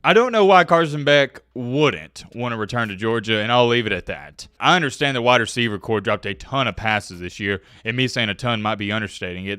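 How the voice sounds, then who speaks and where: A man's voice: mid-range voice, sharp tone, clear, resonant tone, no echo, studio quality. A man hosting a sports commentary channel, talking casually to camera with playful hype and rhetorical questions.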